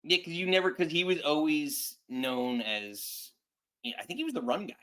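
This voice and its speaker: Hesitant, bright-toned podcast co-host, mid pitch. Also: lively intonation, normal speed. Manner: hesitant, thinking aloud. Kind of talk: casual wrestling recap chat.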